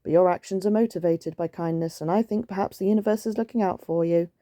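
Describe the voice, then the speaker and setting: A woman voicing a great male tiger who speaks low and reflectively. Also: fast talker, mellow, no echo, clean studio sound, close to an everyday voice. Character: huge male tiger, fierce turned softened.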